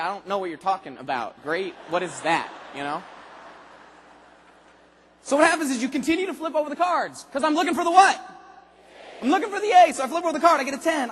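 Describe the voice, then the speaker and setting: A man giving an animated motivational speech to a large convention crowd, asking the audience rhetorical questions and acting out voices. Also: very high-pitched, big-room sound, a little hiss or hum. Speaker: motivational speaker at a sales convention. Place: large arena convention hall.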